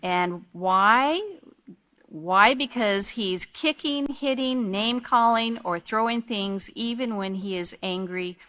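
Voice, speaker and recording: A woman's voice: mid-range voice, slow, bright, forceful tone. A woman teaching a character education training course, earnestly walking parents through guidelines and asking them questions along the way. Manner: earnest, asks the listener rhetorical questions.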